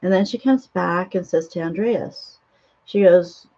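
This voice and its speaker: A woman with a lowish, gravelly voice tells a film's story in a loose, rambling way, often pausing and restarting. The recording sounds dull and lo-fi. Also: mellow. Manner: rambling, with frequent ums and restarts. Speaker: spiritual author and host. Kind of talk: casual retelling of a film.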